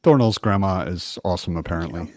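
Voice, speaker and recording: A man's voice: sits low, fast talker, slight background noise. A man hosting a casual video-call chat with friends, joking around and swearing casually. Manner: chatty, swears casually, jokey. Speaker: host.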